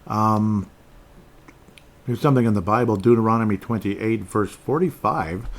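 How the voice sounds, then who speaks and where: A man's voice: lowish voice, moderate pace. A man hosting his own podcast alone, giving loose, rambling commentary on headlines and chat comments, often stumbling, restarting and dropping sarcastic asides. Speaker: podcast host.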